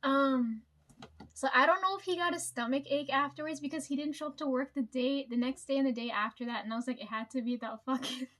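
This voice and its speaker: A woman's voice: high voice, fast, a bit bright. A woman chatting casually, telling work stories with lots of fillers, swearing and laughs. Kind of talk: casual storytime chat.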